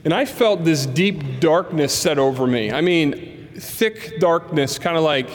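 A man's voice: a little high, measured pace, a little hiss or hum. A man preaching a sermon in a church, telling stories and acting out the voices of people in them. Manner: animated storyteller acting out dialogue. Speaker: pastor. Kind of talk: sermon storytelling. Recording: long reverb of a large hall.

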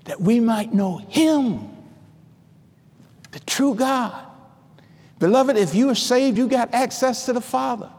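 A middle-aged man preaching a sermon with a personal testimony, swinging from hushed asides to shouted declarations and often restarting his words. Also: very high-pitched, slow, long pauses. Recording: long hall reverb.

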